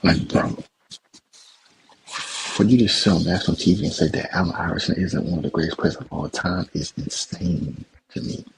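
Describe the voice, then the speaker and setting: Upset over sports, a young man on his podcast rants heatedly, going over the same ground and breaking into profanity. He speaks in a low voice at a moderate pace. The audio is poor, with a little hiss or hum.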